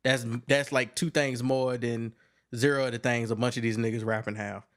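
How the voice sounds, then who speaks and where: A man co-hosting a podcast in casual chat, animated and joking. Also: mid-range voice, clean tone. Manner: animated, joking, quick to laugh. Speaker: podcast co-host.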